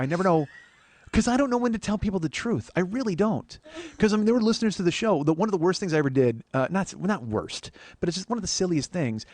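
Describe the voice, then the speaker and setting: A male comedian rambles through a long personal story at a quick clip, swearing freely and laughing at himself. The sound is close and dry, with no room around it. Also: fairly high pitch, a little mellow, no room sound. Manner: profane, self-deprecating, rambling with restarts. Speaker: comedian and podcast host. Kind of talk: casual solo storytelling.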